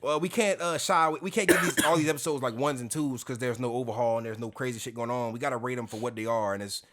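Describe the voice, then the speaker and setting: A man co-hosting a casual podcast chat, telling stories in an animated, slangy way with plenty of cursing. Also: mid-range voice, quick pace. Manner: profane, animated, slangy storytelling. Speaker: podcast co-host.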